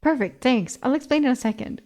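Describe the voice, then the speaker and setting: An exasperated young heroine trading incredulous retorts, as a woman reads her lines. Her voice sits fairly high and her comebacks come quick. This is a storybook reading, not a full performance. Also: darkish tone, close to an everyday voice. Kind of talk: reading a novel aloud with voices.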